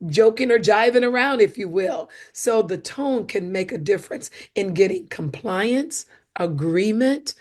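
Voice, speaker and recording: A woman speaker and coach, a guest on a podcast, explaining communication with animated emphasis and acted-out examples. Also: mid-range voice, a little slow, hardly any pauses.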